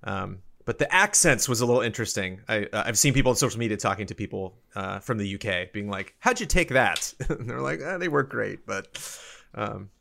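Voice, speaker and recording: A man co-hosting a podcast, chatting casually in a rambling, animated way with lots of fillers. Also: on the low side, brisk, creaky. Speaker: podcast co-host. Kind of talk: casual chat.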